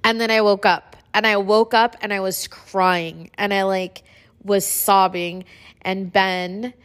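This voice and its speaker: A woman's voice: mid-range voice, level tone, takes it slowly, clear, resonant tone. A woman in her thirties hosting a podcast, telling a personal story in a casual, chatty way, filling her talk with "like". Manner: chatty, says "like" a lot, emotional retelling. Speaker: podcast host.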